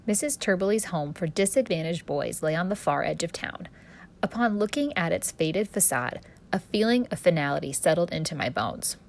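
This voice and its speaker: A woman author narrating her own story in first person, expressive and storytelling in tone. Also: on the low side, moderate pace. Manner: expressive storyteller, voicing a cheeky street boy.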